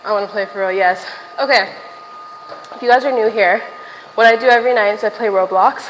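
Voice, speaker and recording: A woman's voice: mid-range voice, a little fast, long reverb tail, a little hiss or hum, poor audio. A young woman livestreaming from a gym while walking on a stair machine, chatting casually to viewers, a little out of breath and swearing now and then.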